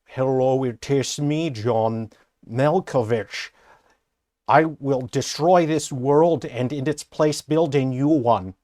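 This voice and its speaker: A man playing a pompous male movie villain, speaking in an odd put-on accent with slow, theatrical delivery. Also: mid-range voice, a little mellow, pitched above the performer's own voice, close to an everyday voice. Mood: grandiose.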